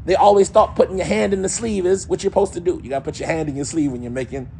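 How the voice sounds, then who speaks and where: A man giving a casual, animated religious lesson, now and then mimicking other people's voices and accents. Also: sits high, rapid-fire, creaky, slight background noise. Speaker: Islamic teacher.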